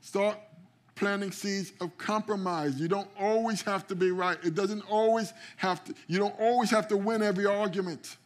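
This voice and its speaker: A pastor delivers his sermon in a church sanctuary, his voice sitting high with a steady tone at a moderate pace. He calls out to the congregation and frequently repeats words when starting a phrase.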